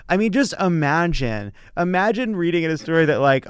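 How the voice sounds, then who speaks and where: A man's voice: on the high side, animated, fairly quick, clear, resonant tone, no room sound, clean studio sound. A man co-hosting a casual political chat podcast, exasperated and emphatic. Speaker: podcast co-host.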